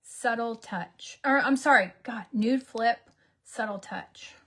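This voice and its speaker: A woman's voice: fairly high pitch, slow, fairly bright tone, breathy edge. A woman, chatting and joking through a makeup routine, sometimes dropping into whispers. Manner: chatty, self-mocking, drops into whispers for asides. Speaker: beauty vlogger. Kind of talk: casual get-ready-with-me chat.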